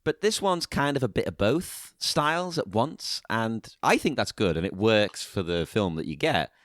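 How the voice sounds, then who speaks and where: A man's voice: on the low side, big pitch swings, normal speed, fairly bright tone, no echo, clean studio sound. An English man chatting about films as a podcast guest, enthusiastic and self-amused. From England. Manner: enthusiastic, laughs at himself. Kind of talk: casual film chat.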